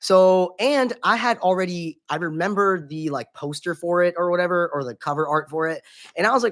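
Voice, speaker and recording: This man's voice is high-pitched and a bit bright, and he talks a little fast. He's hosting a laid-back gaming stream, friendly and upbeat, calling out viewers by name and cursing casually.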